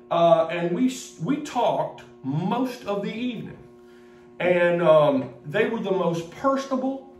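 A man, a pastor from Mississippi, telling a halting, rambling story in a sermon with many restarts. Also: fairly high pitch. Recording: roomy echo, distant from the mic, faint music.

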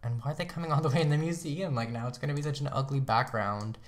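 A man's voice: medium pitch, fast talker, faint music behind. A young man casually commenting on his gameplay as a let's play host, chatty and rambling, often laughing at himself.

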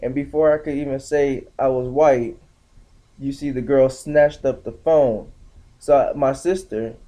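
A young man telling a story casually on his vlog, slangy and animated, acting out the other people's lines in shifting voices. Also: mid-range voice, a little slow. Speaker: vlogger.

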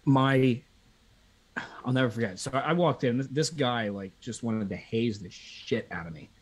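Husky man telling animated stories. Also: mid-range voice, moderate pace. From Pennsylvania. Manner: animated, profane anecdotes with quoted voices. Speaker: guest. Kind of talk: casual storytelling chat.

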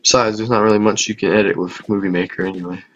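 A man's voice: on the low side, fairly even intonation, quick pace, fairly bright tone, lo-fi sound. A man giving casual, self-mocking let's-play commentary on a game, talking to viewers and laughing often. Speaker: gaming YouTuber.

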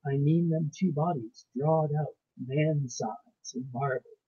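A man's voice: fairly high pitch, slow, warm tone, husky, highs cut off. A man voicing a placid, stubborn old peasant housekeeper woman with rustic grammar, reading a ghost story aloud. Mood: ominous.

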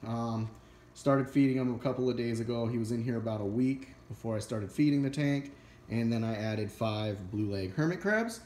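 A man's voice: mid-range voice, normal speed, echoey room. A man casually talking through his aquarium setup and garage in an unedited home vlog, full of fillers. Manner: relaxed, rambling, filler-heavy. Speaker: aquarium hobbyist vlogger. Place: home, walking from living room to garage.

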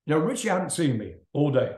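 A man's voice: on the high side, very animated, brisk, a little mellow. An older man, a rock singer, telling a rambling story in a casual interview, laughing and swearing as he goes. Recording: roomy echo.

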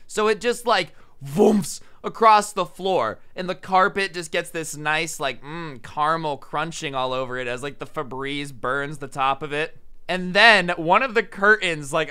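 A young man telling a wild party story to his viewers, talking casually and animatedly and shouting out the lines he quotes. His voice is bright and forceful, sits a bit high for a man, and sounds smooth and crisp. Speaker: storytime vlogger.

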